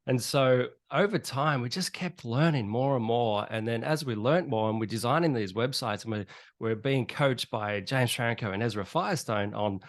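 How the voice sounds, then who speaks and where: A man's voice: mid-range voice, normal speed. A middle-aged man, a guest telling his business story in a chatty way, often adding "right?". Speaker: guest, web design agency owner. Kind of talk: casual interview chat.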